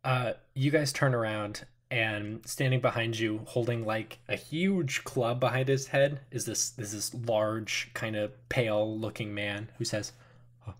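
A man narrating as game master, relaxed and halting, with many pauses and fillers. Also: on the low side.

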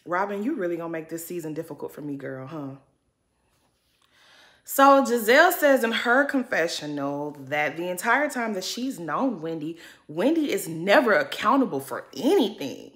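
Female vlogger, sassy and blunt, bright and forceful tone, recap style. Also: medium pitch, sing-song, moderate pace. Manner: sassy, blunt, addresses viewers as girl. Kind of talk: casual recap commentary.

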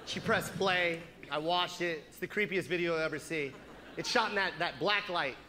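A male comedian telling a profane story in stand-up, animated, acting out the scenes. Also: fairly high pitch, normal speed, background noise.

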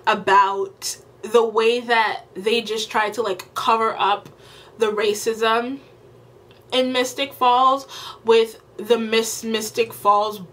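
A woman's voice: fairly high pitch, steady tone, takes it slowly, fairly bright tone. A woman video creator delivering an exasperated, emphatic rant in a casual commentary vlog, often repeating herself for effect.

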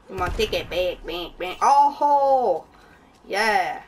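A woman's voice: mid-range voice, expressive, slow, distant mic, a little hiss or hum, rough recording. A young woman giving casual gameplay commentary, laughing often and swearing at her own plays. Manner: giggly, laughs often, swears while playing. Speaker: gaming channel host.

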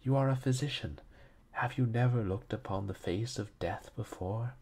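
A man's voice: mid-range voice, moderate pace, a little mellow, slightly rough, voice pushed up. A man voicing a grieving, stern aristocratic widower in a grave, formal manner.

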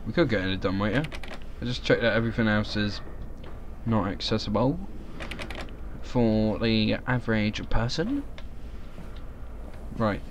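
A man's voice: lowish voice, measured pace, pauses often, muffled recording, a little hiss or hum. A young man giving crude, rambling let's-play commentary. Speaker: gaming YouTuber.

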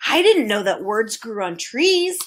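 A woman's voice: high-pitched, very animated, normal speed, husky, heavily acted. A woman voicing a timid, polite young boy who asks curious questions.

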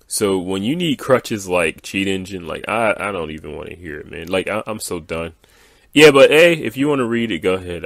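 A man's voice: sits low, creaky, dry recording, clean studio sound. A man ranting in a gaming video, reading out viewer comments and waving them off in an exasperated, dismissive way with lots of fillers.

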